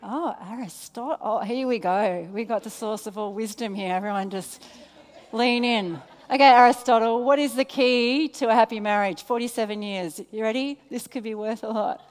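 A woman with an Australian accent leads a church service, her voice sitting a little on the high side. She keeps the room involved with questions and turns soft and low when she prays. Her words trail off in the long echo of a big hall. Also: moderate pace. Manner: engaging, asks the audience questions; drops soft and low in prayer. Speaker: preacher. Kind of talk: sermon with congregation banter. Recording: long reverb in a large hall.

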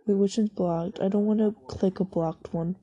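A vlogger chats casually while browsing online, rambling, giggling, swearing freely and cutting herself off mid-thought. Her mid-range voice is mellow, steady and moderately paced, with the highs cut off and faint music playing in the background.

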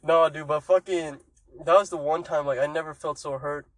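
A man's voice: fairly high pitch, fairly even intonation, moderate pace, a little hiss or hum. A young man in casual, profane chat with a friend, laughing and teasing a lot. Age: young adult. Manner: swearing, laughing, teasing banter.

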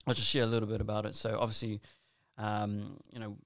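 Rambling man, slightly low voice. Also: flat delivery, quick pace, vocal fry, dry recording. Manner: rambling, earnest, full of asides and restarts. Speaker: guest telling a personal story. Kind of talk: casual conversational storytelling.

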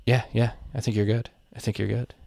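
A man from Philadelphia co-hosting a podcast, talking through the news in a relaxed, rambling way and swearing casually over a remote call. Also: on the low side, brisk, vocal fry, no room sound. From Philadelphia, USA. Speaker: podcast co-host.

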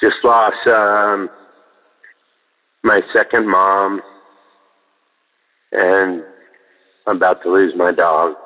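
A man phoning in a prayer request, holding back tears and speaking haltingly. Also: low voice, little pitch movement. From San Francisco Bay Area, USA. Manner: halting, hesitant. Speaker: caller. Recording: tinny phone line with long reverb.

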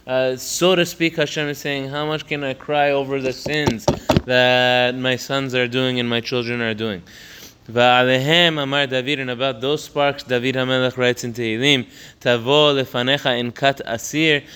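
A man's voice: bright, forceful tone, clear, resonant tone. A man teaching a religious text line by line, stopping often to restart a phrase and raising his voice on key points. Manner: rises in pitch and volume to stress key points. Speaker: Torah teacher. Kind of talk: text study lesson.

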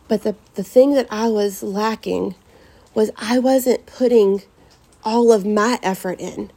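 A woman's voice: mid-range voice, slow, mellow, husky. A middle-aged woman, a podcast host talking earnestly and from the heart about faith to her listeners. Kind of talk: personal faith talk to listeners.

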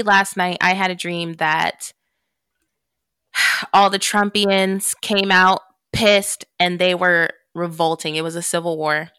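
Woman, podcast host, casual chat, lower pitch, dry close sound, swears and laughs while storytelling. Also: bright, forceful tone, smooth, no room sound.

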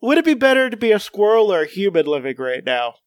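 A man's voice: sits high, very animated, fast talker, no echo, clean studio sound. A young man in casual podcast chat, rambling and playful as he spins odd hypothetical stories.

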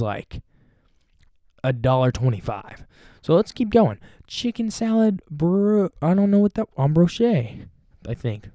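A man's voice: mid-range voice, warm tone, no room sound, clean studio sound. A man hosting a podcast, talking on his own in a chatty, playful way and joking about himself. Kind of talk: casual solo talk.

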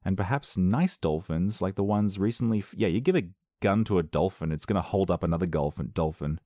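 A man with a very deep voice reads odd news stories aloud and reacts to them. His talk is sarcastic and wanders into rambling asides. The recording is dry and close, with no room sound. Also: fairly quick, warm tone, no room sound. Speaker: video host. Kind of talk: reading and reacting to weird news.

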